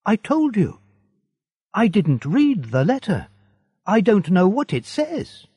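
Earnest, anxious young sailor with a husky, lively voice, read by a male narrator. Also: high voice, slow, dry recording, studio quality, voice pushed up, full character voice. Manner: earnest, pleading.

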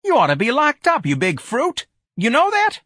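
A man voicing a surly teenage boy who talks in rough, sneering slang. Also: sits high, huge pitch swings, moderate pace, sharp tone, dry recording, studio quality, voice pushed up, exaggerated voice. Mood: insulting.

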